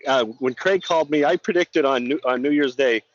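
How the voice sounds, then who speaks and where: A middle-aged law enforcement officer from Montana calls in as a guest for a casual chat, speaking a little fast in a mid-range voice. He's earnest and often repeats his words. The remote call audio is slightly dull, with faint noise.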